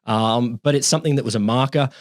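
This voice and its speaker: A man co-hosting a casual podcast, explaining history in an animated way, swearing casually and often restarting his sentences. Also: mid-range voice, quick pace.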